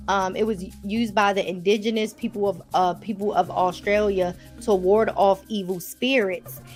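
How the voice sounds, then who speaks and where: A woman with a Baltimore accent, chatting casually to her viewers as she recaps a TV episode. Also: medium pitch. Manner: chatty, addresses viewers as y'all. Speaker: TV episode reviewer.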